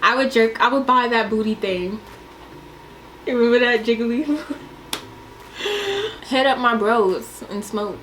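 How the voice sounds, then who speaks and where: A young woman chatting in a casual question-and-answer vlog, dramatic and animated, laughing often and swearing. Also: fairly high pitch, unhurried, pauses often, slight background noise. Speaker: vlogger.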